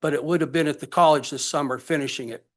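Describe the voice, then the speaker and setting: An older man giving public comment at a college budget meeting, emotional and halting as he speaks. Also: on the high side, steady tone.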